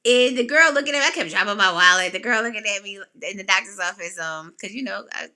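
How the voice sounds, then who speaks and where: A woman's voice: medium pitch, fast. A woman hosting a podcast, telling a personal story in casual chat. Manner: animated, emotional, quotes people in raised voices. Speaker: podcast host.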